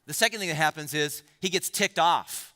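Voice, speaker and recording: Male pastor, high bright voice, preaching in a reverberant church hall, repeats and restarts phrases. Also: brisk. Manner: repeats words for emphasis, many restarts; addresses the congregation directly with questions. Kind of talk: sermon.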